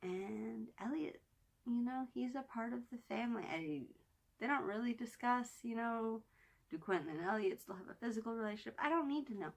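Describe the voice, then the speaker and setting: Excited woman rambling about TV. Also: fairly high pitch, brisk, vocal fry. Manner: enthusiastic, rambling, with many restarts and fillers. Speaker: TV review vlogger. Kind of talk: casual TV review chat.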